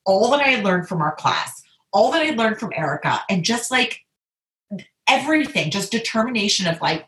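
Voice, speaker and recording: A woman casually telling a personal story, animated and often laughing. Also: a little fast. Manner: animated, laughs often, quotes others in high voices. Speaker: guest telling her birth story. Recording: echoey room.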